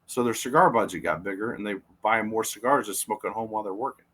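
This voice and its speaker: A man from a cigar company, explaining things in a relaxed way during a casual chat. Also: fairly low pitch, fast talker, low-quality recording.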